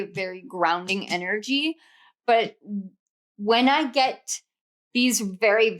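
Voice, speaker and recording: A young woman with a slightly high voice reads tarot cards in a casual, gushing way. She gets emotional and laughs often between her words. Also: a bit bright. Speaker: tarot reader.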